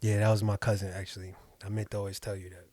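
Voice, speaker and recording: A young man co-hosting a podcast, throwing in quick jokes and banter in casual chat. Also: on the low side, level tone, mellow, dry recording, studio quality. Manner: joking banter, quick interjections. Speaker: podcast co-host.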